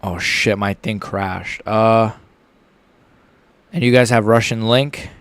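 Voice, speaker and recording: A man's voice: fairly low pitch, fairly even intonation, slow, dry recording. Young man rambling on a live stream. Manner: rambling, stumbling over words. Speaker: livestream host. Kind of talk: casual live reaction chat.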